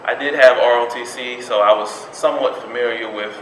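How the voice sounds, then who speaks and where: A young man tells a personal story at mid pitch, animated and acting out the people he quotes. His voice carries in an echoey meeting room. Steady noise sits under it. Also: a little fast. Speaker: public speaking club member. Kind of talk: first personal speech, storytelling.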